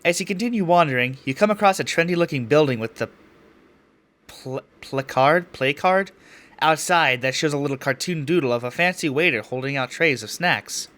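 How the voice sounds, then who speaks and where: A man's voice: on the high side, expressive, brisk, a bit bright. A man reading a visual novel aloud as a let's play host, breaking off for casual, self-deprecating asides with free swearing.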